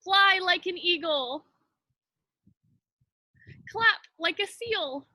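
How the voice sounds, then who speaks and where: Young woman calling out animal moves for kids, really high bright voice, slow and cheerful. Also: animated, no room sound. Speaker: children's ministry teacher. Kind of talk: leading a kids' movement game.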